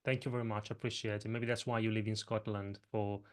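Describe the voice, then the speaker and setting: A man's voice: on the low side, little pitch movement, fast talker. A man hosting an online session, reading out audience questions and hesitating as he repeats words, on a video call mic. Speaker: host and moderator.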